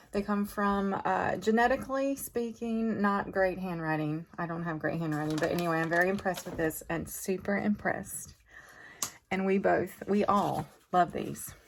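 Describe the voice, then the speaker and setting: A middle-aged woman vlogging about farm family life, chatting casually and heartfelt with viewers. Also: fairly low pitch. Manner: chatty and heartfelt, drifts into emotion. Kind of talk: casual vlog chat to viewers.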